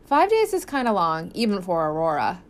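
A woman voicing a perceptive, reassuring young girl in an audiobook, pitching her a bit higher. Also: huge pitch swings, normal speed. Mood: curious.

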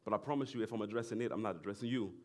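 A middle-aged male pastor preaching a sermon in a loose conversational way, with laughing asides and loud bursts of emphasis. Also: lowish voice, racing.

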